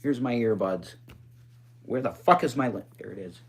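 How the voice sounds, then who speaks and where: A man on a casual livestream, talking straight into his phone as he answers viewers' comments. His voice sits at an ordinary middle pitch, but it jumps higher when he gets excited. He is blunt and swears a lot. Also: moderate pace, gravelly, husky. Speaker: livestream host.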